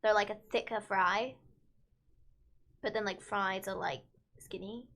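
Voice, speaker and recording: Young woman, bright and blunt. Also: medium pitch, fairly even intonation, unhurried, creaky. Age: young adult. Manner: blunt, emphatic, repeats herself. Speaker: co-host. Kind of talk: casual live-stream chat.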